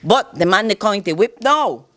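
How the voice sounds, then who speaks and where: A woman's voice: mid-range voice, expressive, fairly quick, fairly bright tone, no room sound. A woman with a Belizean Kriol accent, a guest educator explaining in a casual interview, teacherly and often checking that the listener follows. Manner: teacherly, checks understanding with "all right?".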